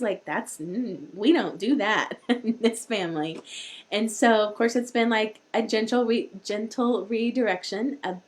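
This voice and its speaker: A woman hosting a live-streamed parenting talk, chatty and rambling, with many restarts. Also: medium pitch. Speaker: host.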